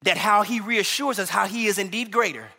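High bright-voiced preacher in a hall. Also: male voice, a little fast. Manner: animated preaching with humor and call-and-response. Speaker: associate pastor. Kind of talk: sermon.

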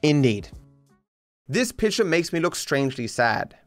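A man's voice: fairly high pitch, a little slow, faint music behind. A man hosting a solo podcast, rambling casually with lots of swearing and restarts. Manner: animated, swearing, frequent restarts. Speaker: podcast host.

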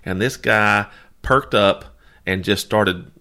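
A man's voice: on the low side, slow pace, gravelly, pushed and bright. A man co-hosting a podcast, chatting casually and telling rambling, self-deprecating stories. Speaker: podcast co-host. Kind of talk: casual chat.

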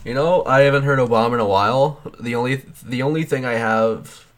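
A man's voice: mid-range voice, fairly quick. A young man telling funny stories on a comedy podcast, laughing and quoting people in silly voices. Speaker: podcast co-host. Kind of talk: casual comedic chat.

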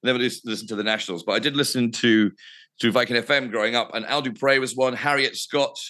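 A man's voice: mid-range voice, steady tone, fast, sharp tone. A man, a radio presenter telling anecdotes casually, swearing freely and laughing at himself. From England.

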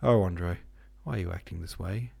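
Tearful young princess, deep and gravelly, read by a man. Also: a little fast, darkish tone, heavily acted. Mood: upset.

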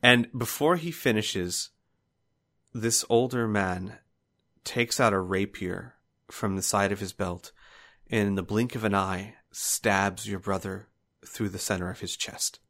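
Low-voiced man narrating as game master. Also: fairly bright tone. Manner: halting narration with fillers and restarts.

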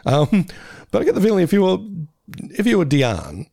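A man's voice: sits high, fast talker, vocal fry, warm tone, no echo, studio quality. A man co-hosting a podcast, rambling and laughing through casual chat. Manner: rambling, laughing, self-interrupting. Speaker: podcast co-host.

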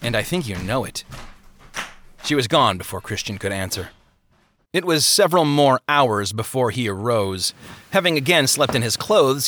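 A man's voice: medium pitch, fairly bright tone, slight background noise. A man narrating a story as an audiobook, telling it expressively.

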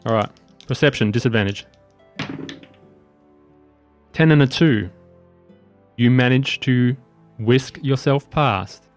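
A man runs a tabletop game in an easygoing voice of middle pitch. He narrates the action and calls for rolls, laughing easily between turns. Faint music plays behind him. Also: slow pace, long pauses. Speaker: game master.

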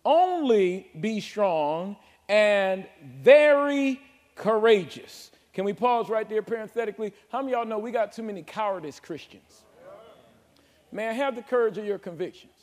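High-voiced preacher in a reverberant church. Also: male voice, darkish tone. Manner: emphatic call-and-response preaching, drawn-out scripture reading. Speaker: pastor. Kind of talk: sermon. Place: church sanctuary. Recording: long hall reverb of a church.

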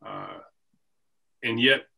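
A man's voice: extremely low pitch, wildly swooping pitch, extremely slow, creaky, sharp tone, breathy edge. A middle-aged man, a company CEO, guest on a podcast, talking reflectively and telling stories about his workplace. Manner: reflective, story-telling, occasional laughs. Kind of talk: conversational podcast interview. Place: office with a team room behind him.

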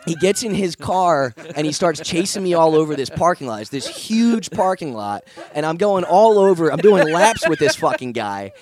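A man, a stand-up comedian, telling a story in casual chat, profane and animated, acting out the people in it. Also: a little high, moderate pace, few pauses.

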